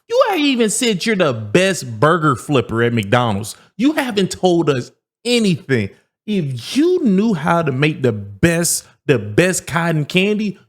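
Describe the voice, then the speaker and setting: Brief: male reaction host, slightly high voice, very animated pitch, mocking and teasing. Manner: teasing, ridiculing, lively asides.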